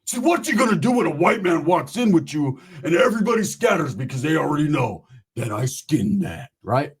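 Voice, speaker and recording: A man voicing a boastful toothless ex-con who preaches loudly and keeps calling people brother. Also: a little high, big pitch swings, a little fast, husky, exaggerated voice. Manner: preachy, swaggering, calls everyone brother.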